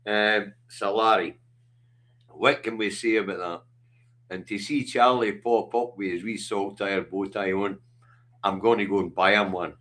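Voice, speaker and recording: A man's voice: fairly low pitch, fairly even intonation, measured pace, fairly bright tone. A middle-aged Scottish man hosting a livestream, talking bluntly and passionately with lots of swearing. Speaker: livestream host. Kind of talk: casual chat.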